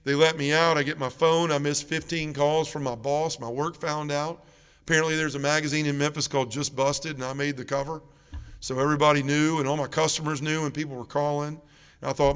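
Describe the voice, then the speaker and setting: A man with a drawl tells his testimony at a church mission in an earnest, heartfelt way, going quiet and low when the story turns heavy. His voice sits a little high and comes through smooth and resonant. The long ring of a church sanctuary trails behind each phrase. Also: little pitch movement, a little fast, in a large hall. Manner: earnest, emotional storytelling that drops soft and low in heavy moments. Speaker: guest speaker at a parish mission. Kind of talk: personal faith testimony.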